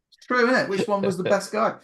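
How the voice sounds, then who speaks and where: A man with a high, gravelly voice that sounds pushed and bright hosts a video call. He chats casually and rambles, restarting his sentences often and laughing easily.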